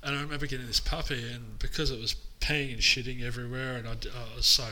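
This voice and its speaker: Male podcast co-host, very bright tone, candid and self-reflective. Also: mid-range voice, little pitch movement, fast talker, poor audio. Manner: reflective, open, self-searching. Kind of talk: casual chat.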